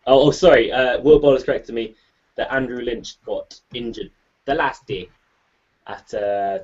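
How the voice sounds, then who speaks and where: A man's voice: medium pitch, fairly even intonation, a little mellow. A man hosting a casual chat, reading out listener questions with jokey asides. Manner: chatty, jokey, quick asides. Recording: muffled lo-fi recording.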